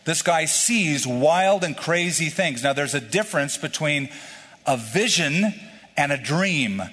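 This pastor's voice is on the high side, pushed and bright, as he works through a scripture passage in an expository sermon. His teaching is conversational and explanatory, sprinkled with casual asides, and the large hall adds long reverb.

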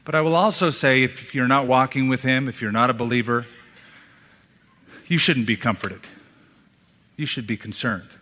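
A male pastor preaching a sermon in a church, emphatic, with dramatic pauses and hushed drops. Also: mid-range voice. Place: church sanctuary. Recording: long hall reverb.

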